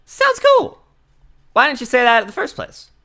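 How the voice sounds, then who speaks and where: A man's voice: extremely high pitch, fast talker, bright, forceful tone, voice pushed up, heavily acted. A man voicing a brash, tough Southern woman photographer in a game, with a drawling Southern US accent and a hollering folksy manner. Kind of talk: reading game dialogue aloud.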